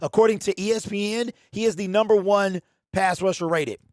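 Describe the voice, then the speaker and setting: A man hosting a casual fan livestream, animated and slangy, talking straight to his chat. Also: high voice, a little fast, no room sound, clean studio sound. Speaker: livestream host.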